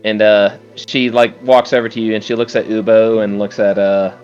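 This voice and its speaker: A man's voice: on the low side, little pitch movement, moderate pace, a little mellow, smooth, highs cut off, faint music behind. A man narrating as dungeon master in a casual storytelling manner, full of fillers. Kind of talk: narrating a tabletop game.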